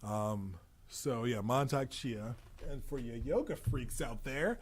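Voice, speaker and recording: A man's voice: mid-range voice, takes it slowly, breathy edge. A man hosting a podcast, talking casually about spiritual practices in a rambling, playful way, now and then slipping into silly voices. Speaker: podcast host.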